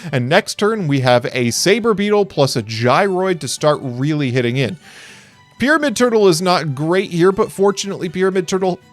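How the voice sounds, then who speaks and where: A man's voice: high voice, expressive, moderate pace, faint music behind. Wry upbeat man calling card duels. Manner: wry, upbeat, talks to viewers as folks. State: hiccuping. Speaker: YouTube card game commentator. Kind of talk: casual play-by-play commentary.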